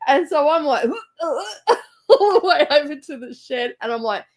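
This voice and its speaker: Animated Australian woman telling stories. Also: high voice, unhurried. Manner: animated storyteller, laughs often. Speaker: co-host of a live reading stream. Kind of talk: casual chat. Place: rural home library.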